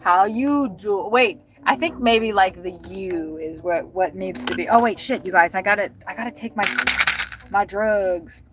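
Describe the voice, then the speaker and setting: A woman's voice: medium pitch, normal speed. A woman chatting and rambling to her livestream viewers from her car while driving deliveries, swearing and thinking aloud. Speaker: delivery driver vlogger. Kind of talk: casual livestream chat. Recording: music loud behind voice.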